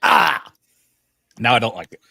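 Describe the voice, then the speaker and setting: A podcast host with a medium-pitched voice, vocal fry and a breathy edge speaks at a measured pace on a casual online talk show. Animated and jokey, he curses freely while bantering with his co-hosts, and the recording is dry.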